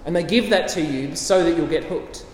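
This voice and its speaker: A man's voice: a little high, normal speed, slight background noise. A man preaching a sermon, emphatic and repetitive, with light chuckles. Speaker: pastor. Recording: echoey hall with faint ambience.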